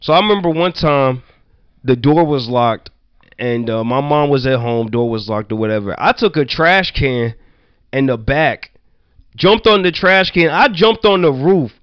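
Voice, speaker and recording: A man from Virginia telling childhood stories in casual chat, loose and profane, full of "like" and quick laughs. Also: medium pitch, expressive, clear, resonant tone, no echo, highs cut off. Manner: loose, profane, laughing anecdotes with many "like" fillers. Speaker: storyteller.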